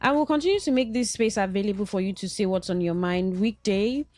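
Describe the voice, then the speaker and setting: A woman hosting an evening call-in radio show, upbeat and brisk. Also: mid-range voice, a little mellow, dry recording. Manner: upbeat, brisk presenter patter. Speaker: radio host.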